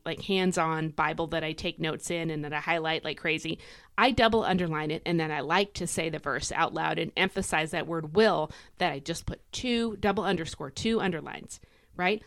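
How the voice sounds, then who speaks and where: Woman, devotional podcast host, chatty, emphatic, mid-pitched, dry close sound. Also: a bit bright, dry recording. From United States.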